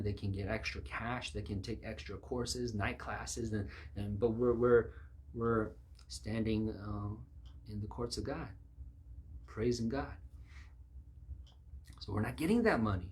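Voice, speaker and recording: A man's voice: fairly low pitch, a bit bright. Emphatic male preacher. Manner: emphatic, acts out quoted voices. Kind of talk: sermon.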